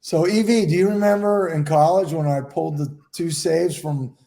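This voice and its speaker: A man with a slightly high, mellow voice, talking in a casual podcast round table. He speaks emphatically and at length, and swears freely as he makes his points. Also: normal speed, vocal fry. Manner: emphatic, profane, talks at length. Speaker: podcast co-host, goalkeeper.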